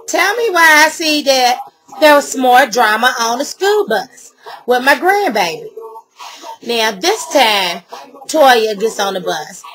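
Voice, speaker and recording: A woman's voice: a little high, sharp tone, rough recording. A middle-aged woman ranting to camera, heated and blunt, with a lot of swearing. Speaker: vlogger.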